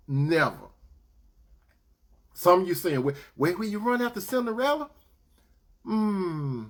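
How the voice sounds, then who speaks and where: A man's voice: fairly high pitch, a bit bright. A man telling a story casually and playfully to his viewers, acting out both sides of the talk. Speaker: advice talk host.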